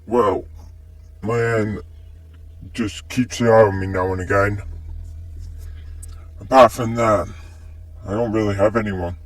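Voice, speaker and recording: A man reading the lines of a quiet, withdrawn teenage boy in a flat, subdued way. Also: fairly low pitch, slow pace, pauses often, dry recording, recorded from a distance. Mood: matter-of-fact.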